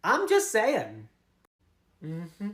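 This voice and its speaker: A woman's voice: mid-range voice, huge pitch swings, very slow, a bit bright. A woman giving opinionated, emphatic celebrity gossip commentary.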